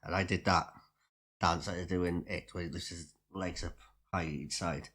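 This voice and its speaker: A man's voice: low voice, fairly even intonation, moderate pace, breathy edge. A man in a casual podcast chat among friends, playful and jokey, talking over a video call. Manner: playful, jokey, bursts of loud teasing. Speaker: podcast co-host.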